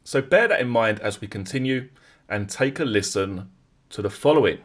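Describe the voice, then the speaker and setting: A man's voice: fairly low pitch, animated, moderate pace. A man hosting a true-crime channel, breaking down a clip and speaking directly to viewers. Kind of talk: explanatory commentary.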